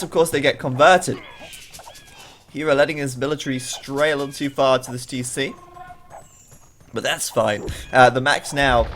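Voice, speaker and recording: A man commentating a strategy video game live, chatty and excitable, with jokey asides between the action. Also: mid-range voice.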